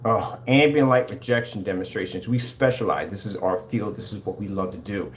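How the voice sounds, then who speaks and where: A man's voice: fairly low pitch, a little fast, slight background noise. A man who owns a screen paint company, hyped up and combative as he talks over his own product demonstration footage. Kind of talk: excited product demonstration rant.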